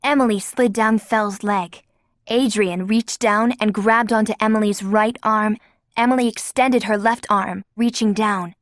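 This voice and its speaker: A woman's voice: mid-range voice, fairly even intonation, a little slow, dry recording, clean studio sound. A woman narrating an audiobook with a vivid, dramatic reading. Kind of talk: scripted narration.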